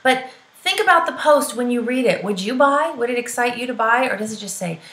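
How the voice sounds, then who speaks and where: A woman's voice: fairly high pitch, expressive, fairly quick, few pauses, fairly bright tone. Chatty woman coaching in a roomy space. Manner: chatty, peppy, tosses in "right?" and "girl" asides. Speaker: direct sales trainer. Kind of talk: coaching talk to camera. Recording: roomy echo.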